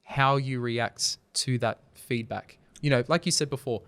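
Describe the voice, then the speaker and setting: A man speaking in a smooth, clean voice at a middle pitch. He tells stories earnestly as a podcast guest and livens up when he makes a point. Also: unhurried, no room sound. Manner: earnest, storytelling, animated when making a point. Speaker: podcast guest, video company founder. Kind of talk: casual conversational interview.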